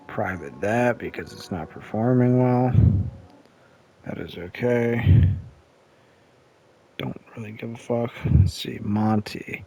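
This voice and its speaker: A man's voice: fairly low pitch, slow, vocal fry, long pauses, warm tone, soft background music. Blunt, profane young-sounding man ranting. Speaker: vlogger. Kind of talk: casual rant to camera.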